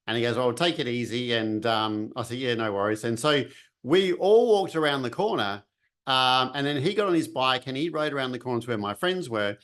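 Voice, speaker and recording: A man's voice: mid-range voice, brisk. A man telling a personal story casually, acting out what people said and the sounds he heard. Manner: animated, acts out voices and sounds.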